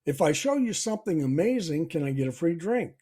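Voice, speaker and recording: A man's voice: on the high side, very animated, a little fast, mellow, husky. A man playing an eager, polite patron at a bar in a joke he tells. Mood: sly.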